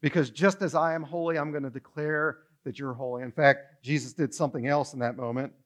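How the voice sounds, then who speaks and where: A man preaching a sermon from a stage, lively and acting out the story, with some stammered restarts. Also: mid-range voice, fairly quick. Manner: animated, acts out dialogue, some stammering restarts. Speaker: pastor. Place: church stage.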